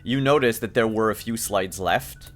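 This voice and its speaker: A man's voice: on the low side, normal speed, a bit bright. A man narrating as game master of a tabletop game, casual, with frequent fillers.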